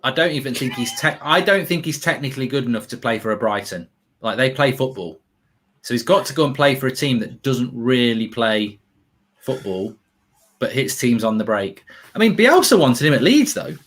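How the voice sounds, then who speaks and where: A man's voice: medium pitch, lively intonation, moderate pace, fairly bright tone. A man hosting a casual football watchalong, talking in a rambling, chatty way and reading out viewer comments. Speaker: watchalong host.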